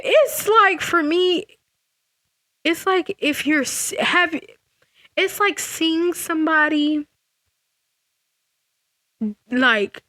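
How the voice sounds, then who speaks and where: Animated, high-voiced young woman vlogger. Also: no room sound, studio quality. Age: young adult. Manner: animated and sassy, laughing, frequent restarts. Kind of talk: casual storytime vlog.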